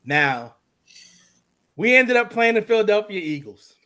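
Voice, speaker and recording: A man's voice: high-pitched, sing-song, unhurried, sharp tone. A man co-hosting a podcast, talking earnestly through social commentary. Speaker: podcast co-host. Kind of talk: casual chat.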